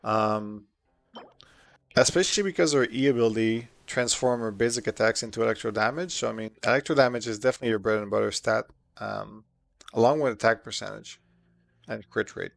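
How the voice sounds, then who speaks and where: A man with a slightly sore throat, chatting casually with viewers while streaming a game, relaxed and full of fillers. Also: lowish voice, a little fast, vocal fry, dry recording. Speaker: streamer answering chat questions. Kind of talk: casual live-stream chat while gaming.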